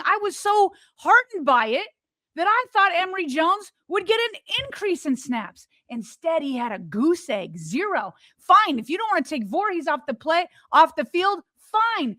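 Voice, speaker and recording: A woman's voice: extremely high pitch, bright, forceful tone, dry recording, clean studio sound. A woman co-hosting a sports podcast, giving impassioned commentary full of rhetorical questions. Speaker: podcast co-host.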